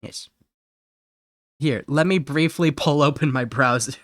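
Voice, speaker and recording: A man's voice: fairly high pitch, unhurried, fairly bright tone, no echo, studio quality. A man from Ohio chatting casually while streaming a game, rambling, giggly and correcting himself as he goes. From Ohio, USA. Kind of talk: casual live-stream chat.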